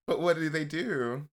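A young man joining a podcast as a guest, reacting with playful jokes in casual chat. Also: fairly high pitch.

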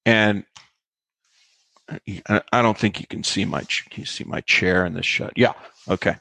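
A man's voice: low voice, moderate pace, vocal fry, no room sound. A male actor as interview guest, telling behind-the-scenes anecdotes with lots of fillers and acted-out quotes. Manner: animated anecdote teller, acts out quotes, many fillers. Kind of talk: storytelling interview.

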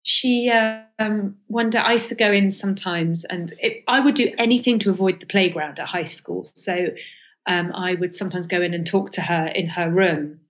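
A woman's voice: on the low side, moderate pace. A middle-aged woman comedian guest recalling school days in a candid, hesitant way, with many restarts. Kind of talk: reflective casual interview talk.

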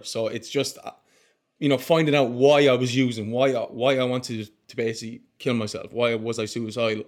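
Irish man, flat steady storytelling. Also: medium pitch, fast. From Ireland. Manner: casual, sprinkles mate and man, frequent restarts. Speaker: podcast guest. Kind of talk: candid conversational storytelling.

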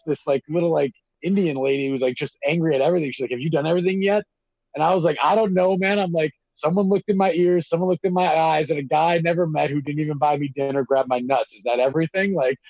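Animated man telling a story. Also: on the high side, no echo. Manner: animated, acts out quotes, heavy filler and swearing. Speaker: guest telling prison stories. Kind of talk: casual storytelling chat. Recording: dull lo-fi dry recording.

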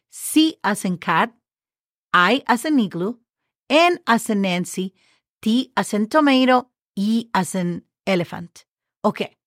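A woman's voice: medium pitch, fairly bright tone, no echo, studio quality. A woman teaching a casual Spanish lesson, patiently spelling words letter by letter with example words and asking the listener questions.

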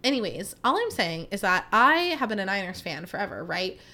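A woman's voice: mid-range voice, brisk. Chatty woman in her thirties. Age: 30s. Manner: chatty, animated storytelling, heavy use of "like". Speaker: podcast host. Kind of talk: casual chat.

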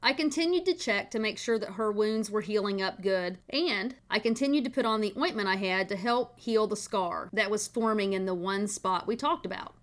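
A woman's voice: medium pitch, fairly bright tone. A middle-aged woman, hosting a podcast and telling a family story in a chatty, folksy way. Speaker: podcast host.

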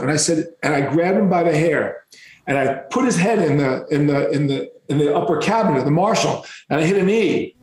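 Man, rock musician, swearing storyteller, somewhat high voice, echoey room. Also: normal speed. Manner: animated and profane. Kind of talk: casual storytelling.

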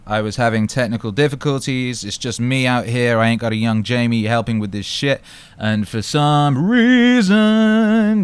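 A man's voice: mid-range voice, smooth, no room sound. Hyped, swearing livestream host man. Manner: hyped, swearing, chatty shout-outs. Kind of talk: casual live chat reading comments.

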